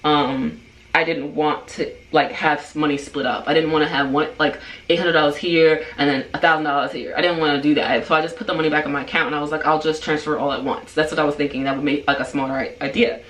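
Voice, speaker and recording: A woman in her twenties telling a story in a casual vlog, animated and full of fillers. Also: low voice, fast. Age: 20s. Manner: animated, chatty, filler-heavy. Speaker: vlogger. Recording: roomy sound, far from the mic.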